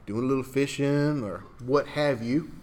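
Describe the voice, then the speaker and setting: A man running a tabletop game as game master, narrating scenes in an easygoing, relaxed way. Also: medium pitch, normal speed.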